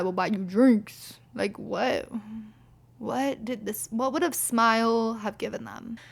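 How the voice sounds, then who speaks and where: A young podcast host tells stories in a casual monologue, blunt and exasperated, swearing liberally and saying "like" often. Her voice is a little high, gravelly and a bit bright.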